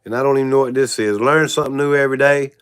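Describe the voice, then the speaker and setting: A man's voice: mid-range voice, fairly even intonation, very fast, clean tone. A man hosting a casual livestream. He rambles frankly and keeps saying "y'all". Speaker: channel host.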